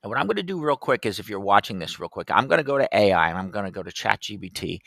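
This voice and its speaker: A podcast host teaching classroom tech, this man has a lowish voice with vocal fry that sounds pushed and bright, recorded with no room sound. He walks through a screen demo step by step in a casual screen-share, chatty and loose with plenty of fillers.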